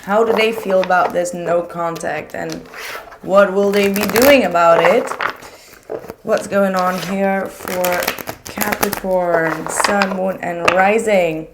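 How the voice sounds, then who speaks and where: A woman's voice: mid-range voice, slow pace, very noisy. Chatty woman reading tarot. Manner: chatty, animated, with frequent "like" fillers. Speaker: tarot reader. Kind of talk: casual tarot reading monologue.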